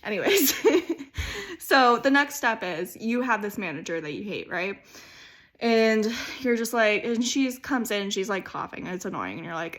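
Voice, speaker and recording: A woman's voice: medium pitch, expressive, normal speed, a bit bright. Giggly young woman rambling through a comic speech. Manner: rambling and self-mocking, laughing through her words. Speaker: student giving a class video speech. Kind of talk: comedic how-to speech.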